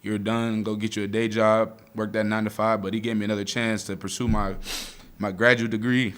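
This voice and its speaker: Young male athlete, twenties, deep steady voice, casual speech, holding back tears. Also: a little fast, clear, resonant tone. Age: 20s. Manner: choked up, near tears, heartfelt; casual speech, says "man" often. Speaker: college football player. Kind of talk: emotional postgame interview.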